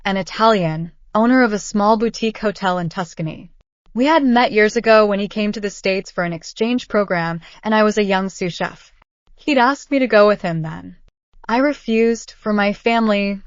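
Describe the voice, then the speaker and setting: An older woman narrates a scripted first-person story at an even, measured pace. Her pitch sits in an ordinary middle range. The recording sounds dull and lo-fi, with a dry, close sound. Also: dry recording.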